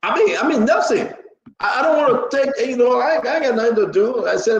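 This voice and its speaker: A man hosting a live political talk show, rambling and repetitive, now and then bursting into shouts. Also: very high voice, animated, a little fast, echoey room, lo-fi sound.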